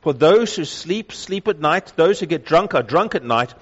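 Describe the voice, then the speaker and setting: A man preaching a sermon, reading scripture aloud and slowing down to stress key phrases with emphasis. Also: on the high side, expressive, breathy edge. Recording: dull lo-fi sound with long hall reverb.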